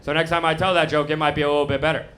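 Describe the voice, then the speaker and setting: A young American man with a lisp delivers stand-up in a bright, slightly raised voice. His self-mocking lines come out deadpan into a handheld stage mic, with a comedy club audience laughing around him. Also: on the high side, racing. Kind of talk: stand-up set.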